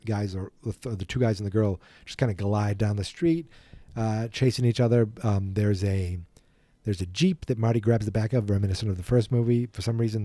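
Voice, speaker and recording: A man's voice: fairly low pitch, warm tone, no echo. A man hosting a podcast, casually retelling a film from memory in a rambling, playful way that often corrects itself. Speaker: podcast host.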